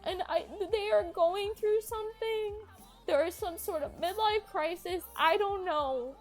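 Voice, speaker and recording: High-voiced young woman telling a story. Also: measured pace, faint music behind. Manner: rambling, full of "like" and swearing. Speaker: streamer. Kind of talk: casual storytelling to stream chat.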